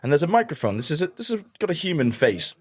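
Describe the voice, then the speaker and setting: A man's voice: fairly high pitch, big pitch swings, fast talker, slightly rough. A man hosting an interview in a studio, playful and self-mocking, laughing often as he talks. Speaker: host. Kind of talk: casual interview. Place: recording studio.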